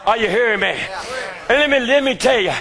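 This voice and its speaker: A man preaching a sermon who shouts often and calls out to the congregation for response. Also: very high-pitched, brisk.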